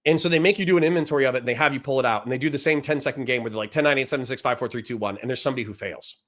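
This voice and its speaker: A man hosting a livestream, telling a boot camp story in a profane, animated way and repeating phrases for emphasis. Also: medium pitch, racing. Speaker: livestream host and Marine veteran.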